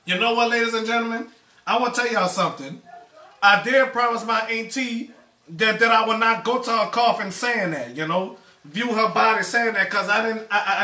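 A man hosts a casual cooking live stream from his home kitchen, stammering and chatting with viewers. His voice is high and bright. He is a bit away from the mic in an echoey room. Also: distant mic. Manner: stammering, repeats words, addresses viewers as y'all. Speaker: cooking show host.

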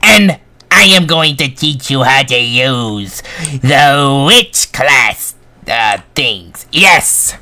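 Cackling goofy witch voice, a young guy doing it, bright and bouncy, kinda far from the mic. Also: medium pitch, expressive, very slow, voice pushed down, full character voice. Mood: theatrical. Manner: hammy, cackling, loud. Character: cackling theatrical witch, self-announced. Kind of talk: Roblox gameplay commentary.

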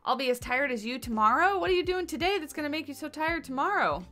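A tired woman streaming a building game from her home setup, talking in a bright, airy voice. She chats freely and thinks out loud, greeting her viewers by name while she works. Soft music plays underneath. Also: high-pitched, lively intonation, quick pace. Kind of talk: casual livestream chat while building. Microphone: desk mic on boom arm.

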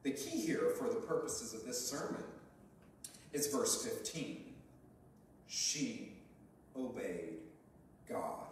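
A man's voice: medium pitch, a little hiss or hum. A man preaching a conversational, earnest sermon, mimicking the voices he quotes. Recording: echoey church hall from far off, faint ambience.

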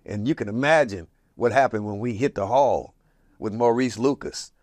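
A man in his seventies, grew up in Portland, Oregon, telling stories from his community in a casual, lively way and acting out the voices of people he quotes. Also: moderate pace, no room sound, studio quality. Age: 70s. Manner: lively, acts out quoted voices with big jumps in pitch and loudness. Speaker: interviewee recalling community history. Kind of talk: casual storytelling reminiscence.

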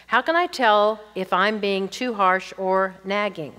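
A woman's voice: medium pitch, moderate pace, hardly any pauses, fairly bright tone. An older woman teaching, reading audience questions aloud and answering them candidly with chatty personal stories. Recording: long reverb from a hall.

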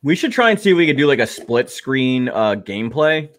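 A man's voice: medium pitch, sing-song, brisk, slight background noise. Rambling casual male streamer. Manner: rambling, filler-heavy "like" talk. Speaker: streamer host. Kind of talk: casual live-stream chat.

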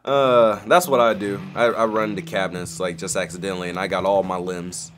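A man hosting a reaction video, excitable and jokey, talking back at the screen and breaking into loud shouted exclamations. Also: low voice, fairly quick. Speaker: YouTube host. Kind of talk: reaction commentary.

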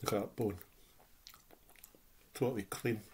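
A man's voice: lowish voice, steady tone, measured pace, dark tone, slight background noise. A man casually reviewing food on his vlog, chatting while he eats with his mouth full.

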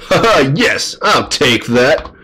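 A man's voice: medium pitch, big pitch swings, takes it slowly, pushed and bright, husky, voice pushed up, heavily acted, low-quality recording. A man voicing a greedy, blustering dragon in a game.

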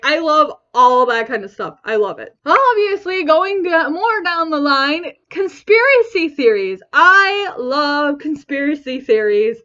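High-pitched chatty young woman, lo-fi. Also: a bit bright. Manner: rambling, chatty, with frequent laughs and restarts. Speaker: vlogger. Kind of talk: casual chat to camera. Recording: dull lo-fi recording.

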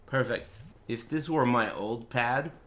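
A young man live-streaming a game, chatting to viewers and swearing as he mock-rants and bursts into yelling at them. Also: mid-range voice, normal speed. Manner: profane, mock-ranting at chat, erupts into yelling. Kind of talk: live gaming stream commentary.

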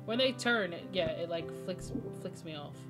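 A woman's voice: lowish voice, expressive, normal speed, music in the background. A woman streaming a video game, chatting casually with viewers and telling stories with frequent laughter. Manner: chatty storyteller who laughs often. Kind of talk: casual gameplay chat.

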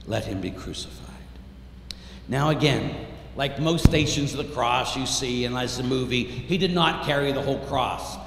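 A man, a priest, preaching a dramatic sermon, telling the story with intensity and swinging from hushed tones to shouts. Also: a little high. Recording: echoey hall, light room noise.

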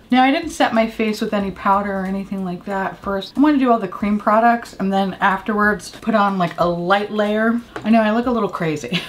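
A woman beauty vlogger chatting casually as she does her makeup and tells a story, candid, profane and quick to laugh. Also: medium pitch, slight background noise.

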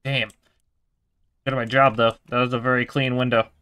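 A man's voice: medium pitch, little pitch movement, normal speed, pushed and bright, clean tone, dry recording. A young man giving casual, swearing let's-play commentary while he plays a game. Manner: chatty, swears casually, talks to himself. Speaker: gaming video creator.

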